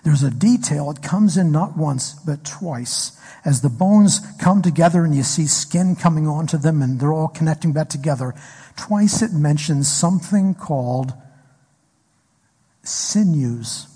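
A man's voice: fairly high pitch, a little slow, dark tone, slightly rough. A man preaching a sermon as pastor, telling a story and asking the congregation questions. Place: church hall. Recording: echoey hall recording.

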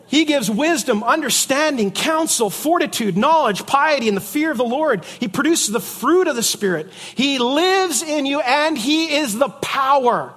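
A middle-aged man with a rather high voice preaches a sermon in a loose, chatty way, mixing scripture with jokes and stories. His voice rings out with a long hall reverb. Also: fairly bright tone. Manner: conversational preaching with jokes and asides. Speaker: pastor.

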